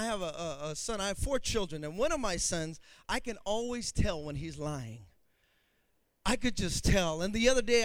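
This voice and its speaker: A middle-aged man preaching a sermon as pastor, emphatic, swinging from intimate asides to booming declarations. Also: fairly bright tone, clean tone, dry recording.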